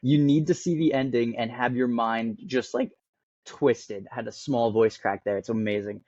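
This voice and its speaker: A man's voice: medium pitch, steady tone, moderate pace, darkish tone, dry recording. Enthusiastic young man on a dull mic. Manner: enthusiastic, laughs often. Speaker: podcast co-host. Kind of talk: casual chat. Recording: dry, muffled lo-fi mic.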